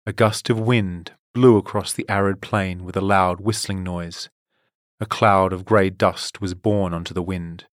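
A man narrating a children's fantasy storybook in a steady, measured way. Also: deep voice, no room sound, clean studio sound. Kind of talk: storybook reading.

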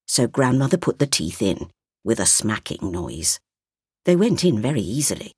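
A woman reading a story aloud, slowly and expressively. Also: very deep voice, sing-song, a little mellow, slightly rough, dry recording, clean studio sound. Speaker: narrator.

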